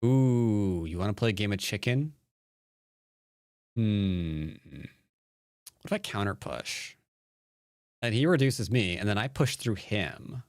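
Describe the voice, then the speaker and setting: A man who teaches Go, chatting casually on a live stream, playful and jokey with quick restarts, sounding tired from little sleep. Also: on the low side, lively intonation, dry recording, clean studio sound. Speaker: Go player and teacher streaming a game. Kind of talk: casual live-stream commentary answering chat.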